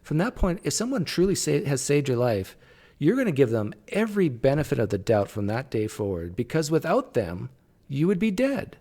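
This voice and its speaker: A man's voice: on the high side, very animated, normal speed, dark tone. A man commentating casually on a clip, thinking aloud with frequent fillers and restarts. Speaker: video commentator.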